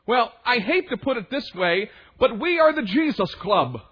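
A young man preaches in a chatty, conversational sermon, slipping into quoted voices and side remarks. His voice sits high and a bit husky. The recording is dull and lo-fi. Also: very animated, normal speed. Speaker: young adult minister.

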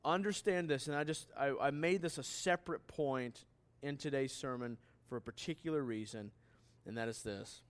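A man's voice: mid-range voice, moderate pace. A man preaching a sermon as pastor, emphatic and putting questions straight to his listeners.

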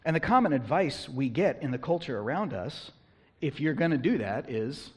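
Husky male pastor in a reverberant hall. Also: fairly high pitch, animated, moderate pace. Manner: conversational, with bursts of loud emphasis. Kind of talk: sermon.

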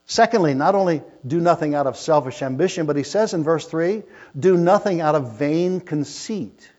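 A man preaching a sermon, emphatic, moving between loud declamation and quiet asides. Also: fairly high pitch, lively intonation, normal speed. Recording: lo-fi with mains hum.

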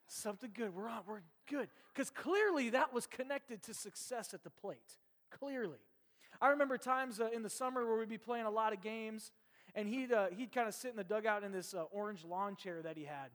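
A man preaching a sermon as pastor, telling stories with a joking, lively manner. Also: sits high, a little fast. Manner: lively, jokey storytelling. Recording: long hall reverb.

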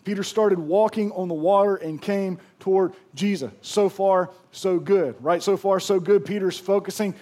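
A middle-aged man preaching a sermon, telling stories in a lively way with frequent restarts. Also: high-pitched, moderate pace, hardly any pauses. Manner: lively storytelling with repeated restarts. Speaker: pastor.

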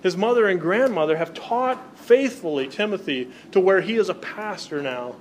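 A man's voice: sits high, animated, moderate pace, slight background noise. A male pastor preaching a sermon, reading Bible passages aloud and explaining them to his congregation. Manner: reads scripture aloud, then explains it to the congregation.

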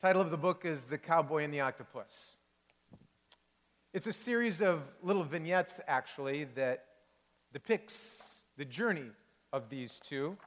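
A man, a pastor, reading a children's storybook aloud in a sermon with expressive, animated delivery. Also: fairly high pitch, a little slow, in a large hall.

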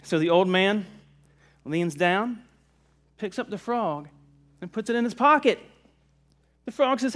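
A man from the Virginia mountains preaching a sermon in a relaxed, conversational way, joking with the congregation. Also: sits high, unhurried, long pauses. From Virginia mountains, USA. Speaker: pastor. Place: church service.

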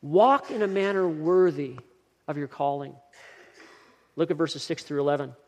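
A man delivering a sermon, his voice sitting a little high for a man. He presses his points with rising emphasis and repeats key lines. The sound carries a long reverb, like a church sanctuary. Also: moderate pace. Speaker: pastor.

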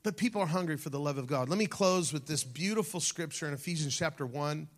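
A man's voice: a little high, fast talker. A man preaching a sermon as pastor, calling out to the congregation and dropping at times to a near-whisper. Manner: animated preaching, shifting from shouts to near-whispers.

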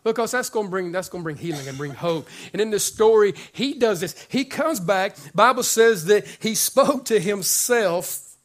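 A man's voice: sits high, expressive, normal speed. A man preaching a sermon to his congregation in a conversational, joking way, often repeating words as he builds up. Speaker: pastor.

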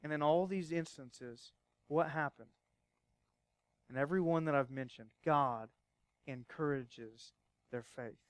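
Man preaching a sermon, smooth clear voice bit on the high side, dry sound, builds up then drops low. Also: measured pace, long pauses, dry recording. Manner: emphatic preaching, rising and falling in intensity, rhetorical questions. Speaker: pastor.

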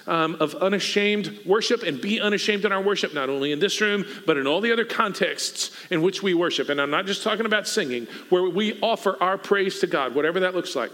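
A man's voice: high voice, fairly bright tone. A man preaching a sermon as a pastor, conversational and given to joking asides. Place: church sanctuary. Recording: long reverb of a hall.

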